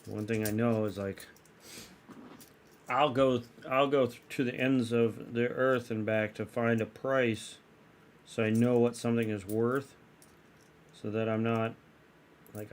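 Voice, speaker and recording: A man's voice: mid-range voice, fairly even intonation, measured pace, a little hiss or hum. A man streaming live, chatting casually with his viewers in a rambling way and often restarting his sentences. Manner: rambling, self-correcting, chatty.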